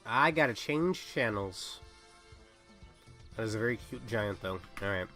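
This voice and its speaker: A man's voice: on the low side, animated, measured pace, bright, forceful tone, soft background music. A young man who is sick, chatting casually and rambling while livestreaming a game. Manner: rambling, self-interrupting. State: sick, coughing. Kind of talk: casual gaming livestream chat.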